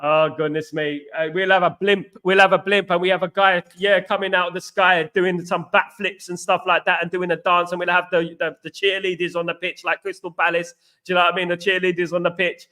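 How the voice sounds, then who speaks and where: A middle-aged man from East London, England hosts a live fan stream, speaking briskly in a bright, high voice. Animated and rambling, he tells stories and reads out comments, repeating himself a lot.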